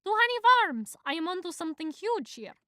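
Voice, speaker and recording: A woman's voice: very high-pitched, sing-song, brisk, sharp tone, no echo, studio quality, voice pushed up, heavily acted. Woman doing an urgent young bee hero.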